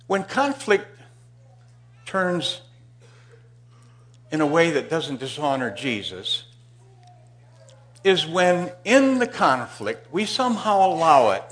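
A male pastor preaching a sermon in a church, telling a Bible story and swinging from loud emphasis to hushed asides. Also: a little high, sing-song, slow pace, long pauses.

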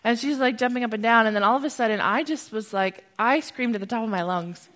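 A young woman from the United States giving a testimony and teaching at church, animated and growing loud and excited as she tells the story. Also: fairly high pitch, a little fast. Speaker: speaker sharing a testimony. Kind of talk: church testimony talk with slides.

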